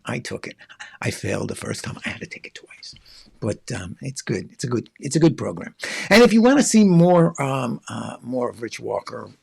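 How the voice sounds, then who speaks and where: A man's voice: mid-range voice, creaky, breathy edge. A man hosting a magic show in casual live-stream chat, rambling with lots of fillers and restarts.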